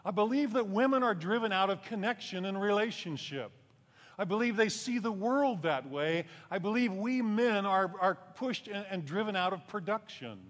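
A man's voice: animated, moderate pace, fairly bright tone. Preaching man in a reverberant hall. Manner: conversational preaching, rising for emphasis then dropping low. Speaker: pastor. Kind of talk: sermon.

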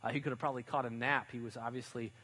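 A man's voice: mid-range voice, steady tone, racing, sharp tone, breathy edge, low-quality recording. A man preaching in a casual, conversational way, with slang and loose fillers, while retelling a Bible story. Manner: chatty, uses slang and fillers, dramatizes stories. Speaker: pastor.

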